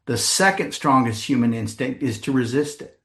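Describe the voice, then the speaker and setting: This middle-aged presenter has an expressive, medium-pitched voice. Addressing a sales seminar crowd, he spins humorous stories with comic voices and fast asides, and he asks the room questions along the way.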